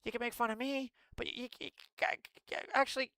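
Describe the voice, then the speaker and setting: A high, whiny woman politician pleads for pity and sounds hurt at being made fun of, as a man puts her on to mock her. The voice sits well above his own and stays soft and wheedling. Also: level tone, moderate pace, smooth, no echo, clean studio sound, heavily acted. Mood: whiny pleading. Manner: pleading, mocking.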